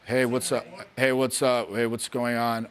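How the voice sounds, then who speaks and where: Man doing a shy low-energy guy, deep flat monotone, hesitant mumbling, little life. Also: a little slow, smooth, lightly acted.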